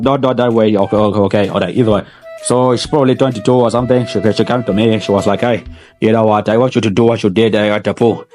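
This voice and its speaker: A man's voice: medium pitch, a little mellow, close to an everyday voice. A man putting on a crude, boastful male pro wrestler in a comedy skit, rambling and stammering over his words. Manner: rambling, stammering, repeats words, laughs at own jokes. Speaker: parody interview guest.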